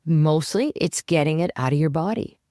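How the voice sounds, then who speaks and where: A woman's voice: deep voice, lively intonation, normal speed, mellow, dry recording, clean studio sound. A woman coach giving advice as a podcast guest, talking animatedly and acting out her own inner voice. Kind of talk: conversational advice.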